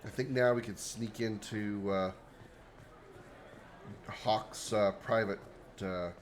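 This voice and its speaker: A man's voice: fairly low pitch, steady tone, slow, a little hiss or hum, rough recording. Joking male game streamer. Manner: joking, rambling, chatty with chat. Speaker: livestreamer. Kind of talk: casual gameplay commentary.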